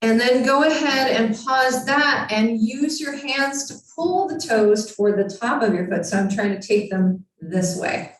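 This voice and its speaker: A woman's voice: fairly high pitch, unhurried, hardly any pauses. Echoey, distant woman guiding yoga. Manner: calm, encouraging step-by-step cues. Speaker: yoga teacher. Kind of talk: guided yoga instruction. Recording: very echoey room, far from mic.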